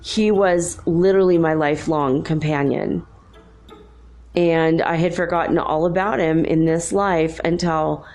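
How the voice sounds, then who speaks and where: A woman hosting a talk show, telling a story casually, chatty and laughing often as she quotes people in lively voices. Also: low-pitched, unhurried. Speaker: podcast host.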